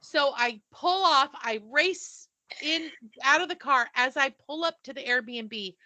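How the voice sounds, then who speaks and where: Female podcast co-host, bright and high-ish, an animated storyteller who acts out the quotes, dry close sound. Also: unhurried, dry recording. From not from the South. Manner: animated, breathless retelling with quoted dialogue. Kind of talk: casual storytelling chat.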